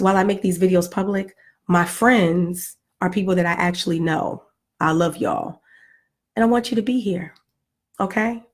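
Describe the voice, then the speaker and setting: A woman vlogger with a low-pitched voice speaks straight to her viewers in a casual, heartfelt way. She sounds earnest and pleading, and she turns playful now and then. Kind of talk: casual heartfelt vlog talk.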